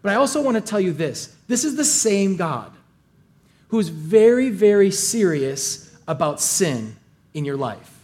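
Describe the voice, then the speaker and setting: A male pastor preaching a sermon, reading scripture and retelling it in casual, animated paraphrase. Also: high-pitched, measured pace.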